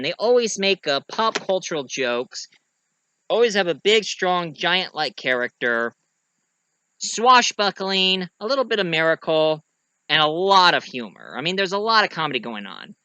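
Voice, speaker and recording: A man's voice: sits high, very animated, normal speed, pushed and bright, slight background noise, poor audio. A man giving a casual, rambling movie review, full of fillers and restarts, who keeps acting out lines.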